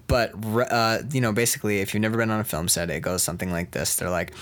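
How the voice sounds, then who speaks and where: A man's voice: fairly low pitch, steady tone, quick pace, a bit bright. A man in casual chat, telling rambling, profane stories about acting in a film and laughing often. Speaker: actor.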